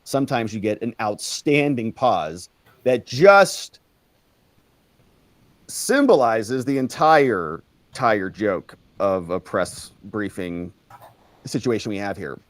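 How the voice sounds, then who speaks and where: A man hosting a sarcastic political commentary show, his pitch swinging widely as he mocks and repeats lines. The sound is dry and close, with no room echo. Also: lively intonation. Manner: mocking, drawn-out sarcastic repetitions.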